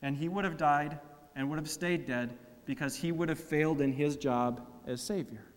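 A man's voice: a little high, moderate pace, big-room sound. A man preaching a sermon, asking rhetorical questions and acting out quoted complaints. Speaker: pastor.

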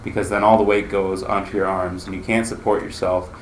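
A man's voice: low voice, level tone, fairly quick, a little hiss or hum. A man teaching a Bible class in a conversational way, asking his listeners questions as he explains.

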